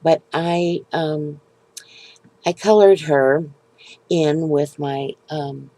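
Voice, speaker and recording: Middle-aged woman, card-making vlogger, low mellow voice, rambling and unsure, dry close sound. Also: steady tone, extremely slow, no echo, poor audio. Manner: hesitant, rambling, many ums and restarts. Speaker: papercraft video maker. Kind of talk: casual show-and-tell crafting talk.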